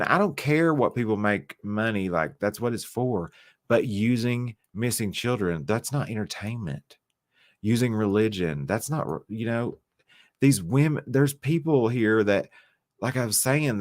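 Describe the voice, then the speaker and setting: A man hosts a loose, chatty livestream, teasing his viewers and joking back at their comments. His voice sits on the low side and the sound is dry and close, with a loose, tipsy edge from wine. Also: no echo. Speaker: livestream host. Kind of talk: casual livestream chat with viewers.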